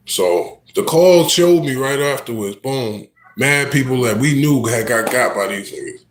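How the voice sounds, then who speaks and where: A man rapper telling a story on a casual livestream, animated and slangy, often turning to the listener. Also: mid-range voice, unhurried. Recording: echoey room.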